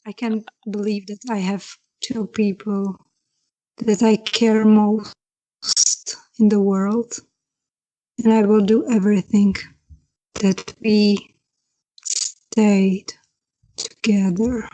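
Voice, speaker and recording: A woman's voice: medium pitch, level tone, slow, pauses often, warm tone, poor audio. A woman playing her character in a tabletop game, speaking hesitantly and searching for words. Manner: hesitant, searching, many restarts. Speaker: player. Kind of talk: in-character role-play.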